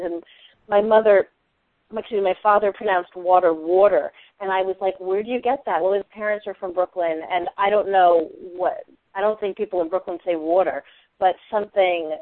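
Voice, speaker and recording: A woman's voice: lowish voice, no echo. Woman talking over a tinny phone line. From Eastern Massachusetts. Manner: animated, frequent restarts and laughter. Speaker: novelist guest. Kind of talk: conversational interview.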